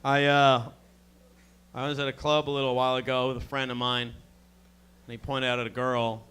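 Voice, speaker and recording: A man's voice: mid-range voice, level tone, normal speed, pushed and bright, clean tone. A male stand-up comedian on a club stage, swearing and mock-insulting the audience between jokes.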